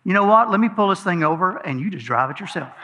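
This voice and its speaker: A lost, flustered wife at the wheel, giving short, matter-of-fact answers in a lifted, high voice, as a male preacher acts her out. The tone is bright and ringing, and each line sounds like a quote inside a sermon story. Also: animated, fast, a little hiss or hum. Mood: deadpan. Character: flustered wife driving lost on a road trip.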